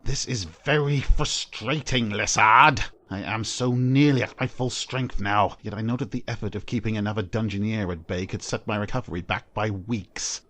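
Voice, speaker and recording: A man's voice: fairly low pitch, moderate pace, sharp tone. A man voicing an impatient, scheming sorcerer overlord in a fan audio drama, sardonic and imperious. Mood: frustrated.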